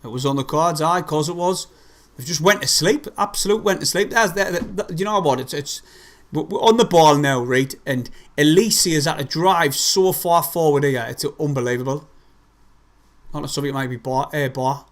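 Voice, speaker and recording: Swearing football fan. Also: male voice, fairly high pitch, moderate pace. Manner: swears heavily, shouts in frustration. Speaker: fan livestream host. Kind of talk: live match reaction commentary.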